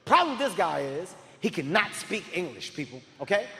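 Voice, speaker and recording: A man doing stand-up comedy, telling stories in a loud, animated way and often shouting. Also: high voice, fairly quick. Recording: live hall reverb, faint crowd ambience.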